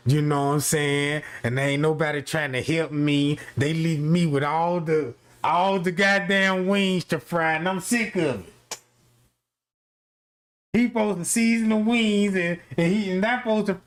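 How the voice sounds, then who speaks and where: A man's voice: fairly high pitch, a bit bright. A man telling a rambling, profane comic story in slangy street talk, full of fillers like "you know what I'm saying".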